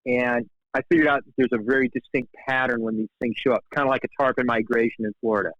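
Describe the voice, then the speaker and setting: A man's voice: fast talker, dry recording. A man in his fifties, a fly fishing guide telling casual stories as a guest. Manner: animated, acts out quoted dialogue with big pitch jumps. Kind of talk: casual storytelling in conversation. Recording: dull, dry podcast audio.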